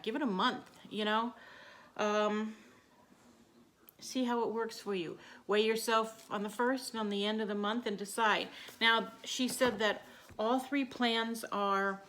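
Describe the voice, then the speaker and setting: A woman's voice: mid-range voice, a bit bright. A woman chatting casually to her camera in a rambling, friendly way, with many fillers. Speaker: vlogger.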